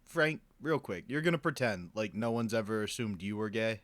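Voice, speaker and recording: A man co-hosting a comedy podcast, teasing the others and telling quick stories. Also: fairly low pitch, expressive, fairly bright tone, no room sound. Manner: teasing, fast storytelling. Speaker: podcast co-host. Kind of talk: casual comedy chat.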